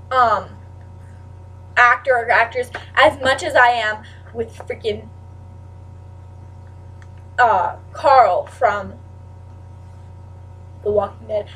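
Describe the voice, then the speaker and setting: A teenage girl chatting casually to camera in a rambling way, full of "like" and with sudden loud outbursts. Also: fairly high pitch, husky, distant mic, poor audio. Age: teens. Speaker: vlogger.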